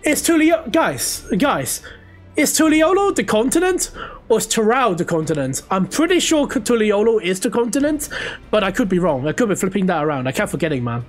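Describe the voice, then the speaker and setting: A young man streaming a game, chatting casually with viewers and reacting excitedly as he plays. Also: sits high, brisk, soft background music. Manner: chatty, excitable, talks to chat while playing. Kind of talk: casual live gameplay commentary.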